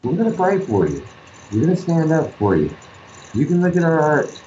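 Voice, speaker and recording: A man's voice: on the high side, wildly swooping pitch, moderate pace, mellow, slight background noise. A man, an artist guest in an interview, telling stories in an earnest, rambling way. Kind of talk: casual interview talk. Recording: roomy, dull lo-fi sound.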